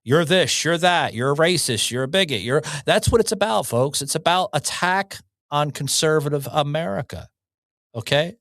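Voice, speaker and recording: This podcast host's voice sits on the high side, animated and a bit bright, moving at a normal speed. He's fired up and profane, ranting his opinions and repeating short slogans over and over, captured in clean, dry studio sound.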